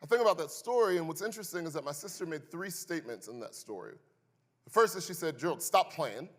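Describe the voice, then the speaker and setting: A young adult man, a pastor, preaching a sermon and telling personal stories with an animated delivery and wry jokes for the congregation. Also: on the high side, fast talker. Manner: animated, building to loud emphasis in stories; wry, joking asides to the congregation. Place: church sanctuary. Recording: echoey church hall.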